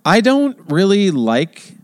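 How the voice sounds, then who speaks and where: A man's voice: slow pace, dry recording, studio quality. A middle-aged man co-hosting a podcast, chatting casually and animatedly, acting out other people's lines. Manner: animated, acts out quoted voices in a higher pitch. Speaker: podcast co-host. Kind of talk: casual chat.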